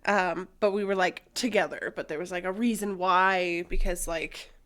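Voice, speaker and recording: A woman's voice: lowish voice, fairly even intonation, normal speed, a bit bright. Young woman, podcast co-host, candid storytelling, swears a lot, frequent fillers. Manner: candid and profane, with many fillers.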